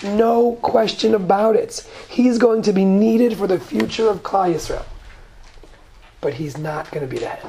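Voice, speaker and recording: A woman's voice: mid-range voice, measured pace, dark tone, slight background noise. A woman teaching a Torah lesson, reading Hebrew verses and explaining them in English. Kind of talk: lecture on Genesis text.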